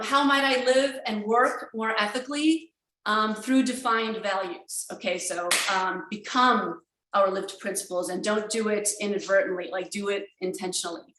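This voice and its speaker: Woman doing a keynote over video call, kinda high voice, lots of ums and restarts, pretty excited. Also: reverberant, poor audio. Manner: energetic and emphatic, with many fillers and restarts. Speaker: keynote speaker. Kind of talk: conference keynote talk.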